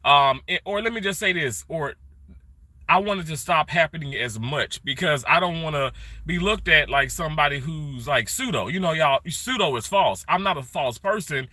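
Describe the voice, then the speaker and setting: A middle-aged man chatting casually on a live stream, greeting viewers by name and rambling warmly. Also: on the high side, animated, moderate pace, no echo. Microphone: phone held vertically.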